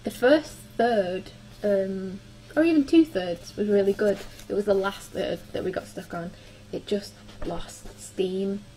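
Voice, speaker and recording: A woman's voice: medium pitch, unhurried, hardly any pauses, warm tone, slight background noise, poor audio. A young woman chatting casually through her book reviews, with frequent ums and likes. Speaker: book vlogger.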